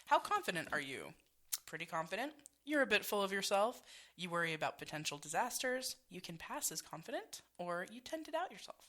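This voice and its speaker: Lively, bright-voiced woman podcast host. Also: medium pitch, brisk. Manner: laughing, swearing, reading out quiz options. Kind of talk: casual chat.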